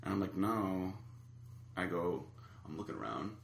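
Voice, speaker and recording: A man's voice: deep voice, moderate pace, vocal fry, echoey room, slight background noise. A man casually telling a long anecdote, acting out the other people's lines. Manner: animated storyteller acting out quotes. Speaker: storyteller guest.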